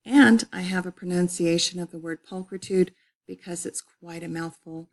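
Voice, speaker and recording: A middle-aged woman teaches an online college English course with a lowish voice. She explains patiently, repeats key words, and often pauses on a filler as she moves through the course page. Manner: warm repetitive explanatory, frequent uh fillers. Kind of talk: recorded online course walkthrough.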